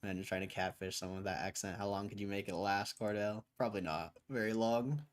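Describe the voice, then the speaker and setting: A man's voice: on the low side, steady tone, fast talker. A man hosting a livestream, chatting casually in a laid-back way with loose slang and frequent chuckles. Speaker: livestream host.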